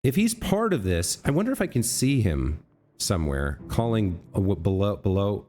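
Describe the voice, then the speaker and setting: Lowish guy thinking out loud over a game, voice bouncing up and down, keeps fixing his own words. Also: sing-song, moderate pace. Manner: musing, self-correcting, talks to on-screen figures. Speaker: let's play host. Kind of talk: thinking aloud while gaming.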